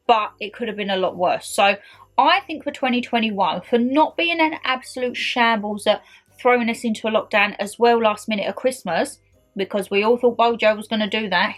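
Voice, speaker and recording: A bubbly woman in her twenties chats casually to her viewers, sounding friendly and familiar. Her voice sits a little on the high side. Faint background music plays under her talk. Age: 20s. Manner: chatty, bubbly, calls viewers "my lovelies". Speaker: YouTuber. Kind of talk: casual year-end chat to camera.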